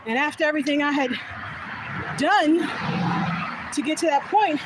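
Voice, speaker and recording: A woman's voice: high-pitched, normal speed, very noisy. A woman telling a personal story in a vlog, candid and laughing often, recorded on a phone in a car. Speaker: vlogger.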